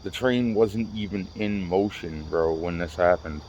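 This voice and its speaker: A man's voice: deep voice, unhurried, darkish tone, muffled recording, slight background noise. A man telling rambling, profane stories to his camera in a casual vlog, repeating himself and restarting often. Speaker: vlogger.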